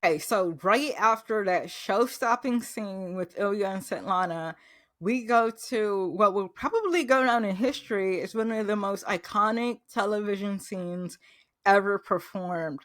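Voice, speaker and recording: A woman's voice: mid-range voice, unhurried, fairly bright tone, no room sound, clean studio sound. A woman hosting a TV recap vlog, talking in a gushing, emotional, exclamatory way. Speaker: TV recap host. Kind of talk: casual recap review.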